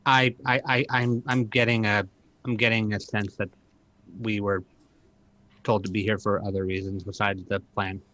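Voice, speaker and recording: A man playing a tabletop role-playing game, asking quick questions with stumbling restarts. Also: fairly low pitch, level tone, bright, forceful tone, dry recording. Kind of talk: casual in-character banter.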